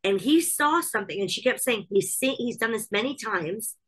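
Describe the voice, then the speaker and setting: A woman's voice: fairly high pitch, animated, normal speed, a bit bright, husky, poor audio. A woman hosting a podcast in casual chat, talking emphatically and repeating herself as she thinks aloud. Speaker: podcast host.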